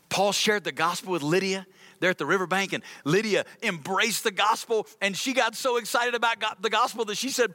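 Male pastor, sermon, high bright voice, emphatic, repeats lines, dry close sound. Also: no echo. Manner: emphatic, repeats key phrases.

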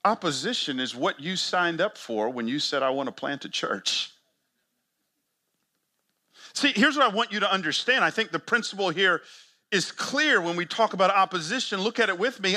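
A man's voice: animated, moderate pace. A man preaching a sermon to church planters, emphatic and full of rhetorical questions. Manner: emphatic, rhetorical questions, big swings in pitch and loudness.

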